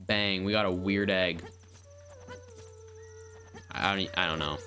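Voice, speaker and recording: A woman's voice: very deep voice, steady tone, measured pace. A woman streaming a game live, chatting casually in a rambling, playful way as she narrates what she does. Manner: rambling, playful, self-narrating, repeats words. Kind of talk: casual live gameplay commentary. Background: game music.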